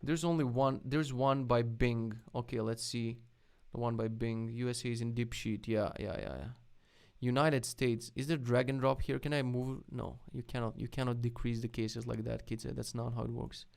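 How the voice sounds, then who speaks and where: Male streamer, casual and irreverent, mouthy commentary with a gravelly edge. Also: medium pitch, flat delivery, moderate pace, a little mellow. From lives in Poland. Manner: blunt, swears freely, mocking asides. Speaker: live streamer reviewing web projects.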